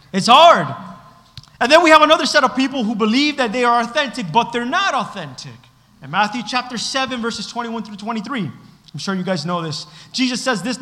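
A young man delivering a sermon in a high, bright voice. His storytelling swings from quiet asides to loud outbursts. The sound carries a long hall reverb. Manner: animated storytelling, shifts from hushed to shouting. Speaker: pastor.

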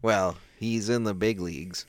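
Deep-voiced man, slow teasing chat. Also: fairly even intonation, no echo, clean studio sound. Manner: laughs often, teasing. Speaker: podcast co-host. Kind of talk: casual chat.

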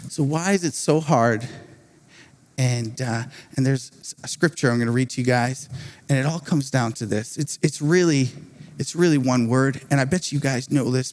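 A man preaches a sermon, animatedly recounting a personal story and frequently laughing between phrases. His voice is medium-pitched.

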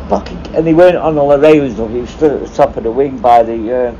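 This ex-prison officer talks quickly in a medium-pitched, dark voice, spinning rambling, expletive-laden yarns in relaxed conversation. The audio is dull and lo-fi, with faint noise.

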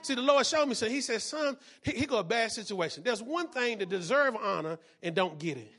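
A man preaching a sermon as pastor, often shouting and repeating phrases, calling out to the congregation for responses. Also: extremely high pitch, animated, brisk.

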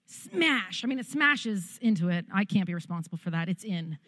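A woman pastor telling a story in a sermon, animated and humorous. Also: mid-range voice, normal speed, no echo.

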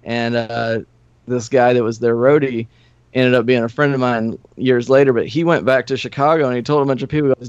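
A man's voice: medium pitch, brisk, clean tone, no echo. A man in his forties from Nashville, a former punk musician, talking as a podcast guest with rambling, profane stories and frequent chuckles. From Nashville, USA. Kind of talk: casual storytelling. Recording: dull, lo-fi, dry.

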